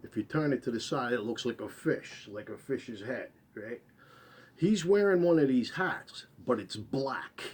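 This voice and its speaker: A man telling a first-person story, rambling, repeating and correcting himself, his voice trailing off quietly at the end of phrases. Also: medium pitch, expressive, a little slow, husky.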